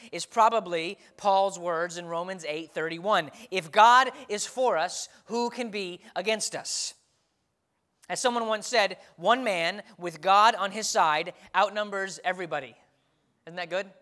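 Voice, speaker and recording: A man preaching a sermon, reading scripture earnestly and rising for emphasis before dropping to a soft, quiet tone. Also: high-pitched. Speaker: pastor.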